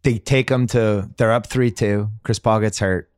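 Male podcast host, low pitch, dry studio sound, animated casual sports talk. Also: unhurried, clear, resonant tone, no echo. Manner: animated, quizzing guests, lists names with rising pitch.

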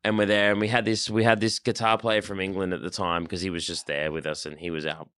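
A man, a band member telling stories loudly and animatedly, swearing freely in casual chat. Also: low-pitched, little pitch movement, fast, clean tone, no echo, studio quality. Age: 30s. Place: rehearsal studio.

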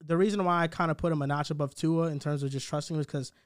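A man with a slightly higher-than-usual voice talks football on a podcast, building his case step by step in a relaxed, analytical way. His voice is close and dry, with no room sound. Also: rapid-fire, clear, resonant tone, no room sound. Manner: analytical, steady, building arguments point by point. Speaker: podcast co-host. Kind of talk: casual sports talk.

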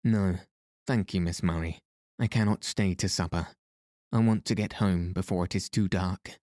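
A man's voice: sits low, fairly even intonation, normal speed, dark tone, dry recording, clean studio sound, lightly acted. A man reading a prim, resentful schoolteacher's lines in a cold, formal tone.

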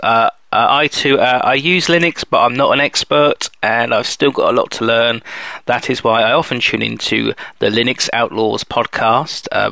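A man from Windsor in England, speaking with a posh-leaning southern English accent, leaves a chatty, playful voicemail for a podcast. His voice is gravelly yet bright, and it sits close and dry with no room sound. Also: medium pitch, no echo. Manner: jokey, rambling, playful. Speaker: listener leaving a voicemail.

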